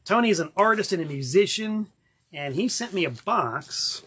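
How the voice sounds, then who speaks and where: This is a man hosting a relaxed unboxing vlog, his voice sitting a little higher than most men's. He talks in a chatty, enthusiastic way and drifts into rambling asides. He is from Florida and records at home in his cabin. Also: normal speed, husky. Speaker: vlog host.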